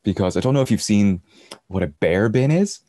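A man's voice: lowish voice, animated, brisk, dark tone, no room sound, studio quality. A man, a podcast guest, telling a rambling travel anecdote in casual storytelling style and chuckling as he goes.

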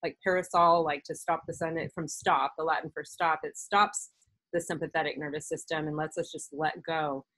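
A woman's voice: deep voice, fairly even intonation, moderate pace, fairly bright tone, dry recording, poor audio. A woman hosting a wellness interview, explaining things in a chatty way full of fillers. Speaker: podcast host, doctor. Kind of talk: casual conversational interview.

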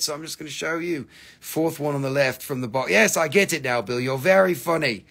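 Gravelly-voiced man joking through a sale. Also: a little high, brisk, a bit bright. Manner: joking, profane and chatty, teasing viewers. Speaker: host selling rocks and minerals on a livestream. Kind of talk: casual live sales chat.

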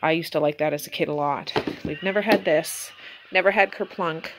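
A woman's voice: deep voice, brisk, background noise. Chatty middle-aged Nova Scotian woman. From Nova Scotia, Canada. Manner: chatty, rambling, self-correcting. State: out of breath. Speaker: vlogger. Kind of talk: casual chat. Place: outdoors in snow at dawn.

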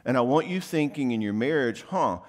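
Male conference speaker, mid pitch, easygoing talk, long hall echo. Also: animated. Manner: conversational, quick asides and acted-out quotes. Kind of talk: casual workshop talk. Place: church venue, live talk.

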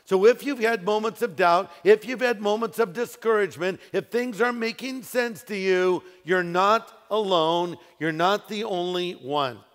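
A man's voice: high-pitched, fairly bright tone. Man preaching in a reverberant hall. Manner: preaching with emphatic rises and slowed, stressed phrases. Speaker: pastor. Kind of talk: sermon. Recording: echoey hall with long reverb.

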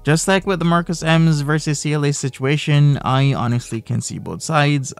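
A man hosting a commentary channel, giving his views in a measured, opinionated way. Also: a little high, creaky, clear, resonant tone, faint music behind. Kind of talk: scripted commentary.

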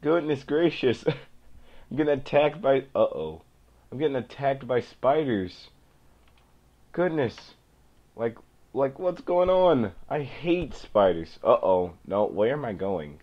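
A young man giving excitable, jumpy let's play commentary as a gaming YouTuber. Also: medium pitch, slow. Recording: dull lo-fi home mic.

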